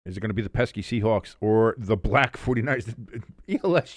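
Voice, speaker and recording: A man's voice: lowish voice, a little fast, no room sound, studio quality. A man hosting a live sports watch-along, calling plays in a casual, joking way and chatting with viewers. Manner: joking, chatty, reads out chat messages. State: wired on coffee. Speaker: watch-along stream host. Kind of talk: casual live play-by-play commentary.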